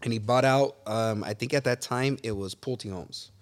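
A man telling stories from his life as a guest in a casual interview. He is animated, swears often and calls the listener bro and dude. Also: mid-range voice, moderate pace. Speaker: podcast guest. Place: real estate office.

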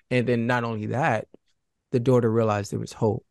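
A man as an interview guest, speaking earnestly and haltingly, often restarting his sentences. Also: mid-range voice, little pitch movement, creaky, darkish tone, no echo, clean studio sound. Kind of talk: candid interview conversation.

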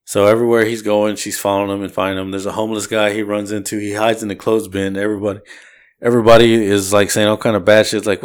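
A man's voice: lowish voice, level tone, racing. A man co-hosting a casual podcast, recapping a movie in a loose, rambling way and briefly acting out characters' lines. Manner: rambling, acts out lines from scenes. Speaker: podcast co-host.

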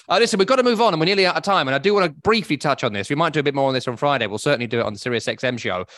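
A man's voice: on the high side, rapid-fire, a bit bright, no echo, clean studio sound. A man co-hosting a casual football podcast, blunt, opinionated and wry. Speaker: podcast co-host.

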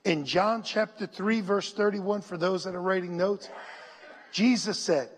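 A pastor with a high, husky voice has the congregation repeat scripture after him, sinking to a near whisper on those lines during a slow sermon. The church sanctuary, a large hall, adds long reverb.

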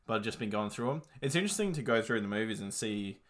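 A man's voice: on the low side, expressive, quick pace. A young man chatting casually about films, rambling with lots of fillers and swearing. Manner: laid-back, rambling, many fillers and swearing. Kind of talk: casual chat reviewing movies.

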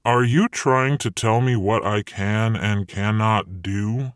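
A man's voice: fairly low pitch, steady tone, takes it slowly, dry recording, clean studio sound. A man voicing a confident, commanding male devil who is breezy but menacing in an audiobook. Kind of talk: audiobook character voice.

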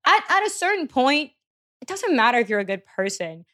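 A young adult woman talks as a guest on a casual podcast. Her voice sits a little high, and she swears freely. She tells her story bluntly and with plenty of energy. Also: a little fast. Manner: blunt and profane, animated storytelling. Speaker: guest musician.

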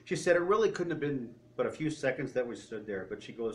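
A man telling a story in a sermon, retelling someone's words and often dropping his voice low. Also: expressive, quick pace, few pauses, a little hiss or hum. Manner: retelling a story with quoted speech, often trailing off quietly. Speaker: preacher.

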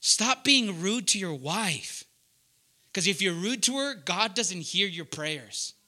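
Loud, bright-voiced male preacher. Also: high-pitched, lively intonation, slow. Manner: loud, emphatic, asks the room questions. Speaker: pastor teaching young adults. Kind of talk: sermon.

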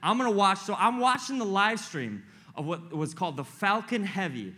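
A young man preaching a casual, joking sermon to a live group as a youth pastor, excitable and full of slang. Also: high-pitched, unhurried.

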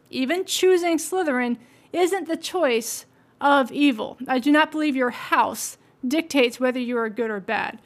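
Woman podcaster, high voice, earnest and motivational, talks it through thoughtfully. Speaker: podcast host. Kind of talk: reflective solo podcast talk.

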